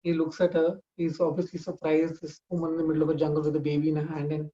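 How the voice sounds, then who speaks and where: A man's voice: fairly high pitch, completely flat delivery, quick pace, mellow, lo-fi sound. A man telling a family story informally, talking conversationally with frequent restarts.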